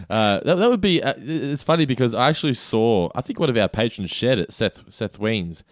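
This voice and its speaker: A man's voice: medium pitch, lively intonation, normal speed, no echo, studio quality. A man co-hosting a podcast, chatting loosely over trivia with hesitant restarts and frequent laughs. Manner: laid-back, hesitant, laughs often. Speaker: podcast co-host. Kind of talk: casual chat, trivia quiz.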